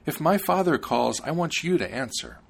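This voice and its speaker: A man voicing a gentle young princess who commands gnomes, raising his voice high for her calls. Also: very animated, normal speed, vocal fry, exaggerated voice.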